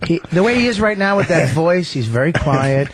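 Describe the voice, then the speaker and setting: A man who is a regular on a radio show, telling a story in an excitable, rambling way with lots of stammering restarts. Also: fairly high pitch, a little fast, noisy background. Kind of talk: casual radio chat.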